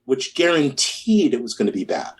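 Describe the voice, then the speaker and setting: A man's voice: mid-range voice, normal speed. Man telling studio stories with laughter. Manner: animated, laughing, hums rhythms, many restarts. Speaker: musician guest. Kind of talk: casual storytelling interview.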